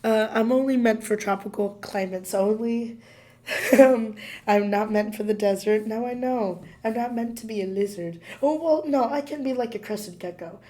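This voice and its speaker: A woman co-hosts a chatty podcast, her voice worn hoarse by illness. She tells her story excitably, breaking into laughter and leaning on "like" throughout. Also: fairly high pitch, normal speed. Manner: excitable, laughs often, fillers like "like". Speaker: podcast co-host. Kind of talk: casual chat, animated storytelling.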